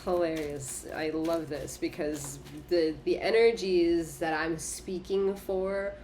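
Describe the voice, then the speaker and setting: A woman's voice: fairly low pitch, steady tone, slow pace, darkish tone, a little hiss or hum. Emphatic, profane woman tarot reader. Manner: emphatic, repetitive, profane, punctuated by laughter. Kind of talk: casual spoken tarot reading.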